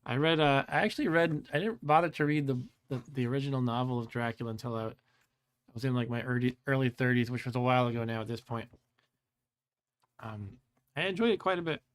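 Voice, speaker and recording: A man in his forties hosting a live stream and reading a gamebook aloud in his own voice. He talks in a relaxed, chatty way, chuckles often and stumbles over foreign words. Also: mid-range voice, fast talker. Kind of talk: casual live-stream chat and read-aloud.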